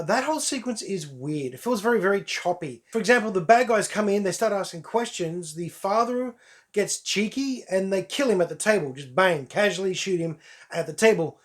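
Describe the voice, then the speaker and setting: High-voiced man reviewing a film. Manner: wry, candid, offhand asides. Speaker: movie reviewer. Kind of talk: casual spoken film review. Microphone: camera mic.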